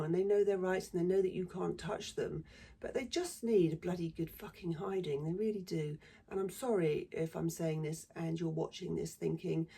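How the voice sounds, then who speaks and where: A woman's voice: lowish voice, normal speed, vocal fry, mellow, slightly rough. A middle-aged woman with a southern English accent, a former secondary teacher talking bluntly and swearing freely in a casual monologue. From southern England.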